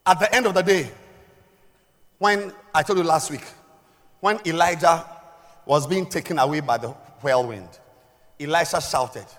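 A middle-aged woman preaching a sermon, swinging between loud shouted emphasis and quiet, low asides. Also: a little slow, long pauses. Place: large church hall. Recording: echoey hall with long reverb.

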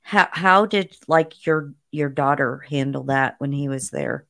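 A woman podcast host asking questions in an unhurried, conversational way. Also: sits low, fairly bright tone. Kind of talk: casual interview.

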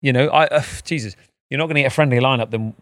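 A man co-hosting a podcast in casual chat, talking in an animated, rambling way and swearing now and then. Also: medium pitch, rapid-fire, dry recording, clean studio sound. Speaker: podcast co-host.

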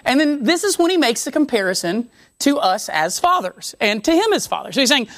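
Animated woman preaching in a conversational way. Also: sits high, a little fast, few pauses, no room sound, studio quality. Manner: animated, conversational, with many restarts and self-interruptions. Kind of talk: sermon teaching on scripture.

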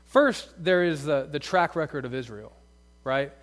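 A man's voice: a little high, expressive, unhurried. A male pastor preaching a sermon in a conversational way, full of asides and rhetorical questions.

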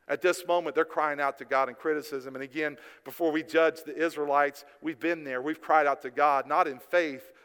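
A pastor preaches with passion, dropping low and quiet, then building to emphatic peaks. His voice sits a little high for a man. The sound rings out with the long reverb of a church hall. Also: clear, resonant tone. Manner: impassioned preaching, swings between hushed and emphatic. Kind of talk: sermon. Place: church sanctuary.

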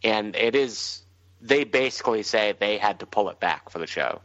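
A man co-hosting a casual comics podcast, speaking in a measured, informative way. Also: fairly low pitch, animated, a bit bright, dry recording, lo-fi sound. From United States. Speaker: podcast co-host. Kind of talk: casual chat about comics.

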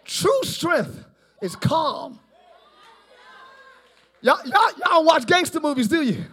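A pastor preaching a live church sermon, animated and often shouting, with playful asides. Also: male voice, extremely high pitch, takes it slowly, a faint crowd. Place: large church, live service.

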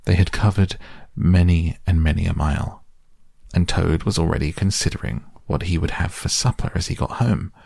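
A man narrating a storybook in a measured, expressive reading. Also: low voice, creaky, breathy edge, dry recording, studio quality.

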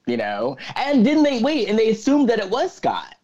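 A man's voice: high voice, wildly swooping pitch, moderate pace, dull audio, a crowd in the background. A man co-hosting a podcast, recapping a movie plot at length in casual chat, stringing scenes together with "so then.". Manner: retells the plot at length with many "so then" fillers. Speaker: podcast co-host.

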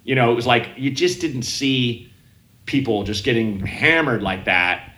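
A man chats casually with a bright, forward tone, looping through his story with restarts and voiced quotes. His voice rings a little in an echoey room. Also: mid-range voice, lively intonation, unhurried. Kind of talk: casual chat.

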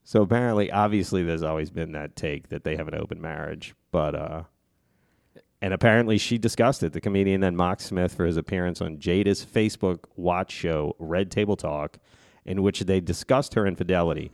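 A man hosting a podcast in casual chat. He swears freely, laughs often and reads quotes aloud with halting restarts. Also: low-pitched, vocal fry, a little mellow, no room sound, studio quality. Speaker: podcast host.

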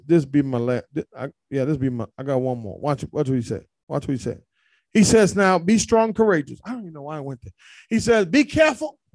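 High-voiced man preaching a sermon. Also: no echo. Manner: preaching with call-and-response, rising to shouts. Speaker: pastor.

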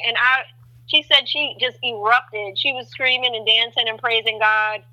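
Speaking at a normal pace, a woman on a faith talk show shares her testimony, animated and theatrical, taking on voices with big pitch jumps. It's a low-quality recording.

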